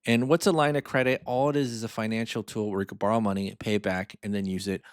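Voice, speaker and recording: Speaking fast in a lowish voice with fairly even intonation, this personal finance host casually explains a spreadsheet. He keeps it chatty, wandering into asides and leaning on fillers. The sound is clean studio quality with no room echo.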